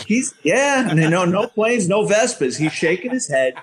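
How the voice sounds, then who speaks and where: A middle-aged man, a former police officer telling a profane, animated story and acting out the dialogue in a casual talk. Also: high-pitched, measured pace, husky. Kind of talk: casual anecdote on a podcast.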